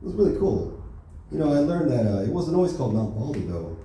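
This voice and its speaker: Young male stand-up comic, deep and mellow, deadpan; club recording, roomy and far off. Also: fast talker. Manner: deadpan one-liners with lots of filler words. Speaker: stand-up comic at an open mic. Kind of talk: stand-up comedy set. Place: comedy club stage. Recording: echoey club, distant mic, faint noise.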